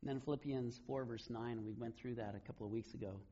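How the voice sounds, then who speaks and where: A man preaching a sermon, retelling scripture stories in a relaxed, conversational way. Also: mid-range voice, fast talker, lo-fi sound. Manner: conversational storytelling, casual paraphrase of scripture. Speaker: pastor.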